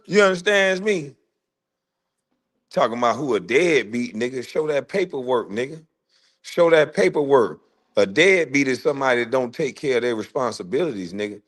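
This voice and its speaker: A man, ranting in a loud, taunting roast, firing repeated questions and laughing often. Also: fairly low pitch. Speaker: host. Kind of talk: roast rant.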